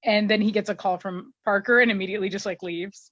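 A woman's voice: mid-range voice, fairly even intonation, fast, a bit bright, no room sound. Woman podcast host, casual recap, dull dry recording. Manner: chatty, filler-heavy, laughs often.

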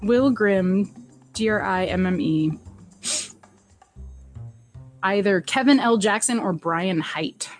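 An animated woman chatting through a TV episode recap, her voice at a middle pitch that leaps high whenever she quotes someone. She laughs often, and faint music sits under her voice. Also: unhurried. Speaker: podcast co-host recapping a TV episode. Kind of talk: casual chat.

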